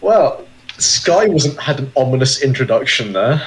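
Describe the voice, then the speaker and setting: A man's voice: mid-range voice, very animated, measured pace, a little hiss or hum, rough recording. A man playing a tabletop game, laid-back and easily amused in casual chat. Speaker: player.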